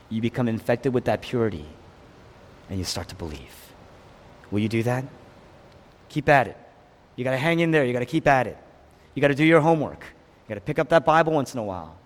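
A man preaching a sermon with passion, rising to loud peaks and dropping to hushed lows. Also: lively intonation, a little fast, long pauses. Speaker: pastor. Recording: long hall reverb.

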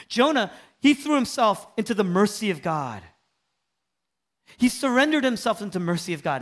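Male pastor, lively sermon delivery with wide pitch swings, fairly high voice, dips into hushed near-whispers. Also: normal speed. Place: church sanctuary.

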